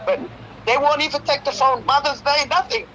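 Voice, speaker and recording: A woman's voice: sits high, brisk, bright, forceful tone, poor audio. A woman in her fifties calling in to a talk show, pleading and telling a hurtful story at length. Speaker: caller. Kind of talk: call-in radio talk.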